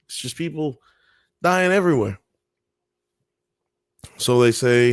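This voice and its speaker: A man's voice: medium pitch, expressive, slow, pauses often, clear, resonant tone. A young man talking unhurriedly in a loose, meandering way, cursing freely and using sound effects to explain things. He sounds like a casual livestream host at his desk mic, recorded dry and close with no room echo. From Alabama, US South.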